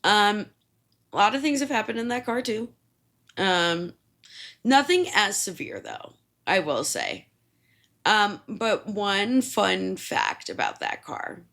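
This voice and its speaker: A woman's voice: medium pitch, big pitch swings, takes it slowly, gravelly, fairly bright tone. A young woman hosting a podcast, telling rambling, profane, self-mocking stories in a casual monologue full of fillers. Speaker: podcast host.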